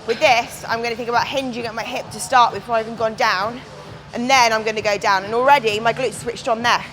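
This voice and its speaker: A woman's voice: on the high side, steady tone, fast talker, fairly bright tone, rough recording. Chatty woman coaching in a gym. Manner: chatty, candid, swears casually. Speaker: bodybuilding competitor. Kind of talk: casual gym vlog talk. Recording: music playing behind.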